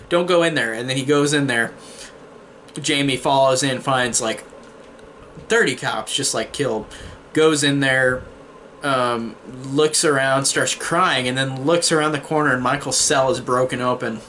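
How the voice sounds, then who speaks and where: A man's voice: mid-range voice, fairly even intonation, unhurried, pushed and bright, slight background noise. A man giving a casual spoiler review of a horror film, retelling the plot in long "and then" chains with casual swearing.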